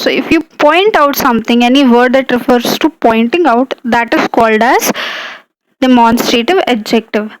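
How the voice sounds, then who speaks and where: A woman's voice: a little high, dry recording, rough recording. A woman teaching a grammar lesson, explaining step by step with fillers and frequent check-ins to her students.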